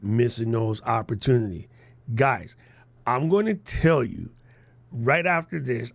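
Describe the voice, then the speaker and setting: A man hosting a live podcast workshop, animated and joking, laughing as he explains. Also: medium pitch, vocal fry, no room sound. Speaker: podcast coaching host.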